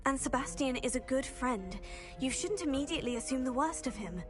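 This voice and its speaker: A woman's voice: high-pitched, lively intonation, brisk. An actress playing a polite, composed young female student in a video game. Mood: calm. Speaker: video game player character. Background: game music.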